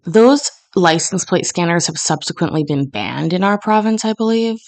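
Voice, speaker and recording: A Canadian woman in her thirties chats at home, telling a long personal story. Her voice sits a little low, and she wanders with fillers and false starts. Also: expressive, moderate pace, a little mellow. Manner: rambling, lots of fillers and restarts. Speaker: host. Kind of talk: casual storytelling chat. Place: home kitchen.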